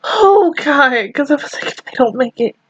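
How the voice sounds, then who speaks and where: A woman's voice: high-pitched, expressive, normal speed, lo-fi sound. A woman reacting to an anime episode on her channel, crying and swearing as she gushes about how happy she is. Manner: tearful, swearing, gushing. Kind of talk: emotional reaction commentary.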